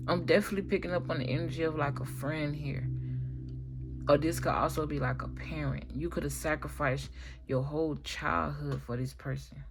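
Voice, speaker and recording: Woman doing a low-voiced slangy tarot reading. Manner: slangy, emphatic, swears freely. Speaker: tarot reader.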